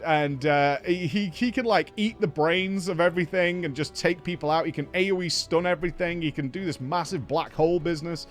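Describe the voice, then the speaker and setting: Animated man hosting a game recap. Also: sits high. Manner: animated storyteller who acts out quoted lines. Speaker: host.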